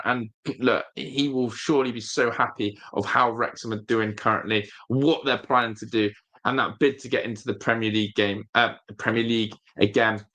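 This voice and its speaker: A man with a medium-pitched, pushed, bright voice hosts a casual football fan stream. He addresses viewers directly, speaks emphatically, and often repeats his phrases.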